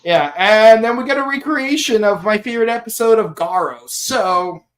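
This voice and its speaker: A man's voice: high-pitched, moderate pace. A man hosting a podcast in casual chat, rambling, laughing often and slipping into silly voices. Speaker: podcast host.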